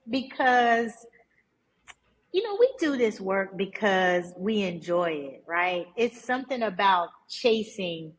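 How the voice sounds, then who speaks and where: Lively, emphatic woman telling her story. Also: mid-range voice, a little hiss or hum, low-quality recording. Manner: lively, emphatic, repeats for stress. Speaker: entrepreneur guest. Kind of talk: casual interview storytelling.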